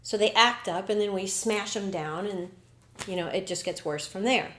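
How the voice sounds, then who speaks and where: A woman hosts a spiritual podcast, speaking at medium pitch and moderate pace in a fairly bright tone. She sounds earnest and reflective, often slipping into quoted inner dialogue. The recording has a roomy echo and slight background noise.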